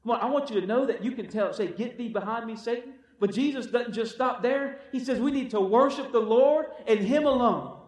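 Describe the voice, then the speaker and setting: A man's voice: very high-pitched, brisk, darkish tone. A man preaching a sermon, exhorting his listeners with repeated calls of "come on" and acting out the quotes he tells. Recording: echoey room from far off.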